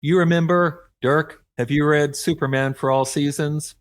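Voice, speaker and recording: A man from Oklahoma, USA, speaks as an author guest on a radio interview, sounding earnest and encouraging and laughing lightly often. His voice is fairly high with fairly even intonation and a normal pace, and there's no room sound.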